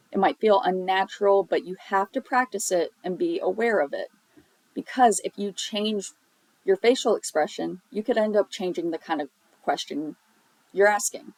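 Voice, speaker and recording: A woman gives a recorded sign language lesson, walking through each point patiently with the odd um. Her voice sits somewhat low for a woman. The sound is dry and close, with no room echo. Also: a little mellow. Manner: patient, explanatory, with frequent um fillers.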